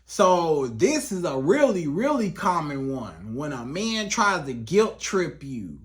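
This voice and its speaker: Speaking slowly, a male relationship coach with a fairly high voice and big pitch swings gives casual advice directly to the viewer. He repeats himself for emphasis and acts out what people say.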